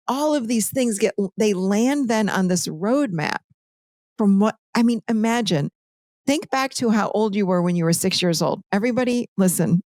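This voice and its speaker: A woman talks through ideas in a conversational teaching style, lively and animated as she tells stories. Her voice sits mid-range and the sound is dry and close. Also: mid-range voice, no room sound. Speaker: podcast guest, author.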